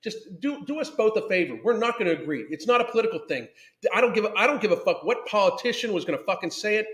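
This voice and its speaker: Fast, very animated, and high-pitched with a fairly bright tone, this man's voice sounds roomy as he hosts a podcast. He reacts to a video and live chat in a profane, angry rant, cursing constantly, hammering his points, and reading chat comments aloud.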